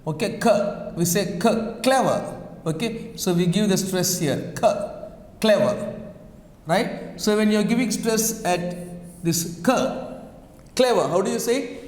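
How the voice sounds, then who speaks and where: A man's voice: sits high, darkish tone. A male teacher giving a classroom lesson on word stress, repeating key words and phrases as he drills them. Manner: repetitive, drills words slowly. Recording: echoey long-reverb room.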